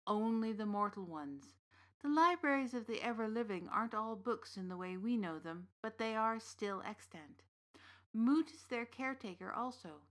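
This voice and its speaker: A woman reading the part of a big, gently knowing uncle from the fairy realm in an audiobook story. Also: a little high, animated, normal speed, pitched above the performer's own voice. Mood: calm. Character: big warm Irish uncle, old fairy king's son.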